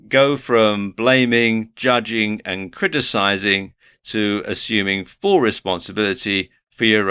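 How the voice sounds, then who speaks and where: A man's voice: on the low side, sharp tone, no room sound, clean studio sound. A man giving a motivational lecture, earnest and advice-giving, working through his points one by one. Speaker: online course instructor.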